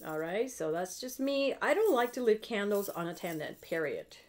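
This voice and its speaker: A woman's voice: medium pitch, lively intonation, moderate pace. A middle-aged woman, talking viewers through a spell in a blunt, chatty way, swearing freely and often checking in with them. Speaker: witchcraft video host. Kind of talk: casual spell tutorial.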